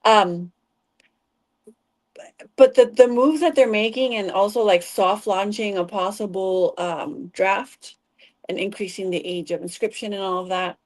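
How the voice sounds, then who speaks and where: A woman's voice: mid-range voice, a little slow, no room sound. Casual-talking woman hosting a panel. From United States. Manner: conversational, with frequent fillers and hesitations. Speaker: panel host.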